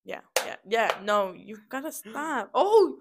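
A woman's voice: a little high, very animated, slow, noisy background. A young woman co-hosting a casual chat, talking and giggling while she eats snacks. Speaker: co-host.

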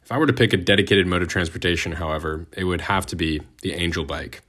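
A man's voice: low-pitched, fast, fairly bright tone. A young man, the host, reading a scripted narration with wry, sardonic asides. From United States.

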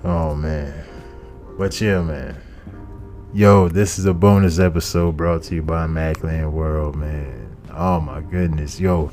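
Male podcast host, low dark voice, swears constantly and rambles, faint music behind. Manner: profane, rambling, repeats phrases. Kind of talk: casual comedic monologue.

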